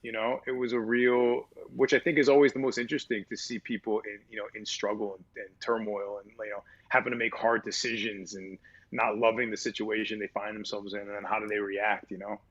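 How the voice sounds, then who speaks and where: A man's voice: lowish voice, little pitch movement, fairly quick, fairly bright tone, highs cut off. A man in a casual interview, talking in a laid-back, rambling way and laughing often. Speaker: voice actor guest.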